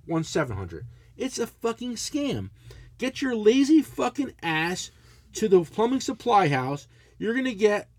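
A man's voice: sits high, slightly rough, dry recording. A middle-aged man, telling a profane, blunt story in casual chat as a podcast co-host. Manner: animated, swearing, blunt ranting.

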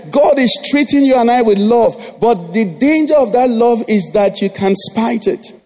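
A man's voice: sits high, dark tone. A middle-aged man preaching a sermon in church, often asking the congregation "what?" to finish his lines. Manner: call-and-response questions to the congregation. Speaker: pastor.

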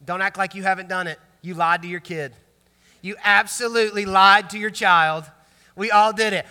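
A man in his thirties, a pastor preaching a sermon in a lively, conversational storytelling way. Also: sits high, moderate pace, smooth. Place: church sanctuary. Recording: long reverb church hall.

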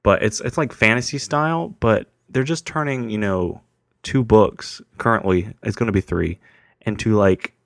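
Low-voiced relaxed podcast host. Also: male voice, moderate pace, dry recording, clean studio sound. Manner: relaxed, asks questions. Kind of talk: casual conversation.

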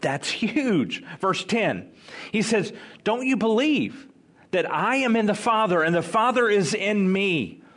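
A man preaching a sermon, slow and emphatic, with dramatic pauses. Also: sits high, big pitch swings, a bit bright.

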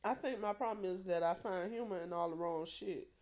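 Young woman co-host, casual chat, an animated and profane storyteller who laughs often. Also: fairly low pitch, a little fast. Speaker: podcast co-host.

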